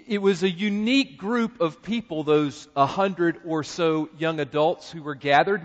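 Southern preacher in a reverberant sanctuary. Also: male voice, sits high. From North Carolina. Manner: animated, emphatic preaching with humor. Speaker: pastor. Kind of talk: sermon. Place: church sanctuary. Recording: dull audio with long hall reverb.

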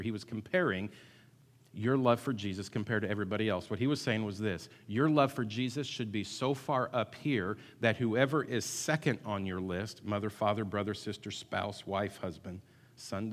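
Emphatic male pastor in a reverberant hall. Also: on the low side. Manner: emphatic, builds to loud call-and-response, repeats words. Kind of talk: sermon. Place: church sanctuary.

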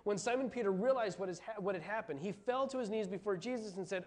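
High-voiced man preaching a lively sermon. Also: fast talker. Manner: animated storytelling, acting out quoted voices. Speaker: pastor.

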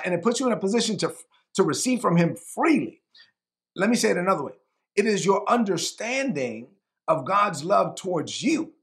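A man's voice: high voice, creaky, fairly bright tone. A man preaching a sermon, emphatic, repeating phrases and acting out quotes.

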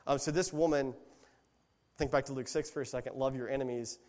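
A man gives a relaxed, conversational sermon in a church hall, retelling the story as he goes and correcting himself mid-sentence. His voice sits in a middling range. A long reverb from the big room trails after each phrase. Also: mid-range voice, fairly quick. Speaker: lay preacher.

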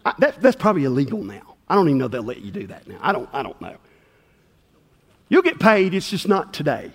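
A man's voice: fairly high pitch, fast, breathy edge. A middle-aged man preaching a sermon, telling folksy personal stories and acting out the dialogue. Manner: animated, folksy storytelling with acted-out dialogue. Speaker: pastor. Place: church sanctuary. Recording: long hall reverb.

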